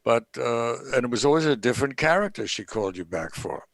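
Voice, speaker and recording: Older New man, animated raconteur, dry close sound, mid pitch. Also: a little fast, gravelly, no echo. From New York. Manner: animated anecdotal, acts out quoted voices. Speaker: guest actor. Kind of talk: storytelling interview.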